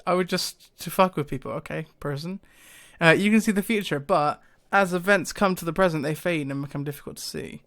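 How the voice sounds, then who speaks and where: A man in casual to-camera commentary, thinking aloud and hesitating often, breaking into short laughs. His voice sits a little high for a man and sounds smooth and clear. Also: fairly quick, few pauses, fairly bright tone. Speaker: YouTuber.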